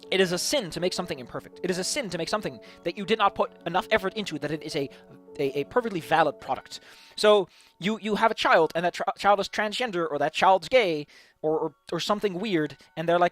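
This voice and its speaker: A man's voice: high-pitched, expressive, fast, fairly bright tone, no room sound, soft background music. A man musing aloud in a casual, rambling monologue about tabletop game ideas, stumbling over repeated words as he goes. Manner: rambling, many repeated restarts. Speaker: tabletop game video host.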